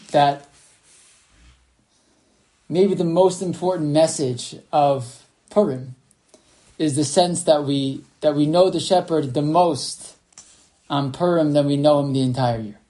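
Soft, mellow man teaching Torah online. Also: on the high side, slow, long pauses. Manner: storytelling with many fillers and restarts. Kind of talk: online class lecture.

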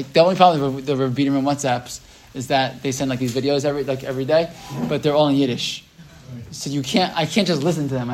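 A man's voice: a little high, a little hiss or hum. A man giving an informal religious class, telling stories in a rambling, conversational way.

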